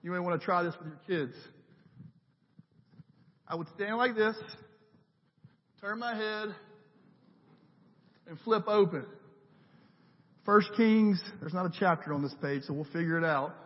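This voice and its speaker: High-voiced pastor preaching in a reverberant hall. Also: male voice, a little slow, pauses often, highs cut off. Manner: conversational, builds with emphatic repetition. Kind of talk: sermon. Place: church sanctuary.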